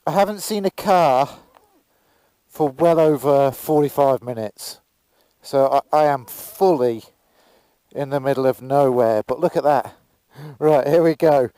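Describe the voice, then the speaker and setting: A man's voice: mid-range voice, a little slow, pauses often, warm tone, smooth, no echo. A man chatting casually into a helmet camera while riding a motorbike outdoors in pouring rain, exclaiming and swearing now and then. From Britain. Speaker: motorcycle vlogger. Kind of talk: casual vlog commentary.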